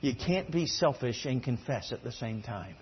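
A man preaching a sermon, swinging between loud exclamations and low, quiet emphasis. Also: lively intonation, normal speed, muffled recording, slight background noise.

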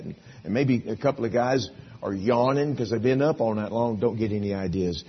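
Husky folksy preacher man. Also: mid-range voice, brisk, lo-fi sound. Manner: folksy storytelling, acts out biblical dialogue. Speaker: pastor. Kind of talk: sermon. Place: church sanctuary.

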